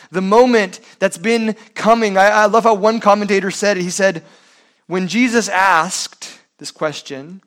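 A man's voice: sits high, a bit bright. A man preaching a sermon, asking rhetorical questions and using sports analogies. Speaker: pastor.

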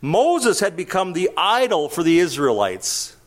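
Lively-pitched male preacher. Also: a little slow. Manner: animated preaching, rhetorical questions, occasional chuckles. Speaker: pastor. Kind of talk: sermon.

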